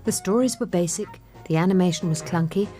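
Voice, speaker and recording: A woman giving scripted documentary narration in a measured, wry tone. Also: fairly low pitch, music in the background.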